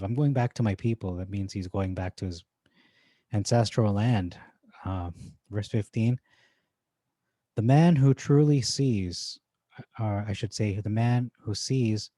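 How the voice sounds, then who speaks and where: A man casually going through Bible verses one by one, thinking aloud with frequent pauses and restarts. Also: on the low side, dark tone, no room sound. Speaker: Bible teacher. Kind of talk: informal verse-by-verse scripture comparison.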